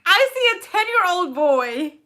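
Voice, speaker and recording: A woman's voice: very high voice, very animated, a little slow, pushed and bright. A woman co-hosting a live stream, chatting casually, teasing and laughing often. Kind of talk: casual chat.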